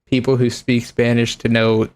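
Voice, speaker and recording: Young adult man, mid-pitched, chatting casually on a stream and laughing often as he reacts to clips. He swears offhandedly and keeps a relaxed, joking tone throughout. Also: normal speed.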